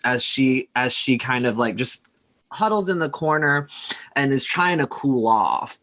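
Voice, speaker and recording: A woman's voice: extremely low pitch, a bit bright. A woman running a tabletop role-playing game as game master, narrating scenes in a rambling way with many restarts and fillers.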